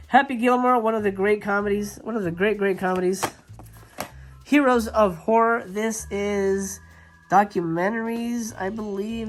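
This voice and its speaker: In his home movie room, a male YouTube host gives a casual video tour of his movie collection, rambling enthusiastically with lots of fillers and restarts. His voice is high-pitched, and there's a little hiss or hum.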